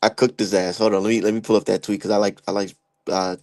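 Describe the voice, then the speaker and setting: A man's voice: lowish voice, little pitch movement, fast talker, a little mellow. A young man giving heated, profane, slangy commentary as a streamer. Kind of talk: ranting casual commentary.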